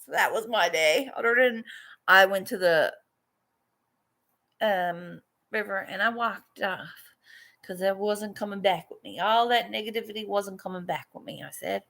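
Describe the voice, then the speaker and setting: A woman's voice: medium pitch, normal speed, creaky, fairly bright tone. A Canadian woman artist vlogging casually, venting and swearing freely as she chats about her day. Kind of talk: casual chat.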